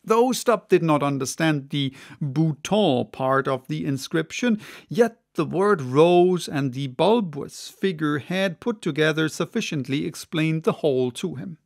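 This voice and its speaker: A man narrating an unabridged classic novel as an audiobook, reading in a measured, expressive way. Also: fairly high pitch, vocal fry.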